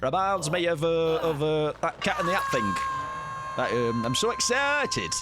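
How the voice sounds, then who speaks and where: A man's voice: a little high, sing-song, normal speed, over loud music. A man, chatting playfully while live-streaming a game and greeting viewers. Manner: playful, chatty, jokey asides. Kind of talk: casual live-stream commentary.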